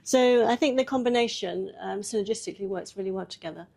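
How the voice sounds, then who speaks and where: A woman with a medium-pitched, gravelly, darkish voice speaks fast. As presenter of a live workshop demonstration, she's chatty and easygoing, guiding a volunteer through each step and laughing often.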